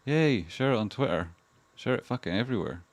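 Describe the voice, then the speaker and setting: A man's voice: mid-range voice, expressive, fairly quick, no echo. A Scottish man hosting a casual livestream, talking over charts with a rambling manner and plenty of swearing. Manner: heavy swearing, rambling and chatty. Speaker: livestream host.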